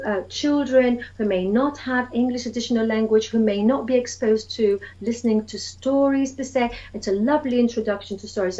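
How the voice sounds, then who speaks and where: A woman's voice: a little high, mellow, highs cut off. A woman early years educator chatting eagerly about reading to young children, acting out story voices and sounds.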